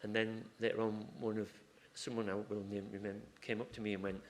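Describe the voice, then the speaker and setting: A man speaking at a conference in a fairly low voice. He talks in a loose, chatty way, wandering into asides and stories and often restarting his sentences mid-thought. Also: flat delivery, fairly quick, few pauses, slight background noise. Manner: chatty, rambling, self-interrupting with asides and restarts. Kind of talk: informal conference talk. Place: conference room.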